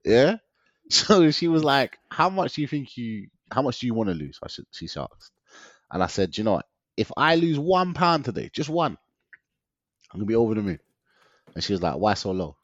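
A man's voice: mid-range voice, sing-song, normal speed, dry recording. A young man, telling his story in a casual interview, slangy and often laughing. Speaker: guest. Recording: dull lo-fi dry sound.

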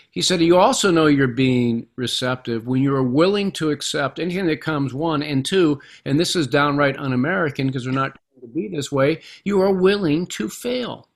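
A man's voice: fairly high pitch, a bit bright. A middle-aged man, a guest author in an interview, speaking reflectively and repeating words as he gathers his thoughts. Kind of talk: conversational interview.

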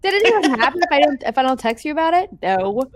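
A podcast co-host with a high-pitched voice talks fast, with no room sound. She chats casually and animatedly about a movie, acting out quotes from it.

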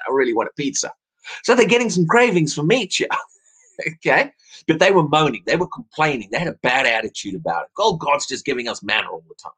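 A man's voice: mid-range voice, a bit bright, breathy edge. A man preaching an evening sermon, earnest, often repeating words as he restarts his phrases.

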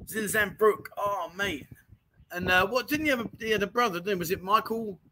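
A man's voice: high voice, brisk, bright, forceful tone, a little hiss or hum, rough recording. A man hosting a casual livestream chat show, reading out viewer comments and rambling with easy laughter. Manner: chatty, rambling, laughs easily.

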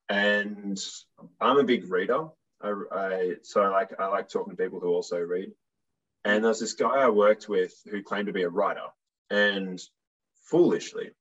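A man's voice: lowish voice, slightly rough, muffled recording. A man with an Australian accent, a guitarist and songwriter chatting casually as an interview guest, blunt and swearing as he tells stories. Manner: blunt, swearing, animated storyteller. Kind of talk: casual chat.

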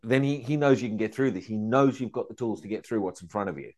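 A man teaching a Bible study, questioning his class and acting out excited believers. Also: lowish voice, fast.

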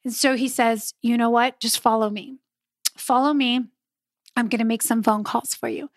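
A woman hosting a podcast, telling a personal story in a lively, casual way, laughing often and talking straight to her listeners. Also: fairly high pitch, moderate pace, dry recording, studio quality. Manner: animated, laughs often, addresses listeners directly. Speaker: podcast host.

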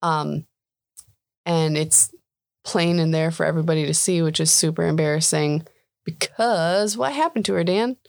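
A woman co-hosting a podcast in casual, chatty talk that is peppered with "like" and quick laughs. Her voice sits low for a woman. It sounds dry and close, with almost no room around it. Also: vocal fry, darkish tone, no echo. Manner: chatty, laughs often, says "like" a lot. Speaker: podcast co-host. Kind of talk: casual chat.

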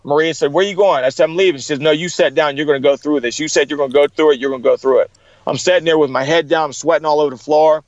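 A man's voice: on the high side, fairly even intonation, very fast, no echo, highs cut off. A middle-aged man in an interview, telling stories with energy and acting out the people he quotes. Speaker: guest. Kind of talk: storytelling in an interview.

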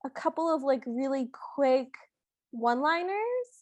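A woman with a high voice chats playfully on a podcast, often laughing and slipping into the characters she describes. The sound is dry and close-miked. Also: expressive, unhurried, a little mellow, dry recording. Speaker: podcast co-host. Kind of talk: casual chat recapping a film.

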